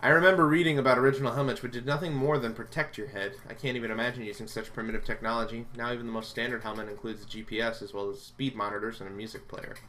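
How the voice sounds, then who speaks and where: A man's voice: mid-range voice, fairly even intonation, rapid-fire, few pauses, fairly bright tone, slight background noise. A man reading a visual novel aloud, dramatic and full of sarcastic asides. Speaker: game reader.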